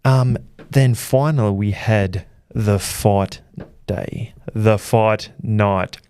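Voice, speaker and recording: A young Australian man hosting a boxing channel, rambling through an excitable, self-deprecating recap of fight week. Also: lowish voice, extremely slow, clean tone, dry recording, studio quality. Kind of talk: casual storytelling recap.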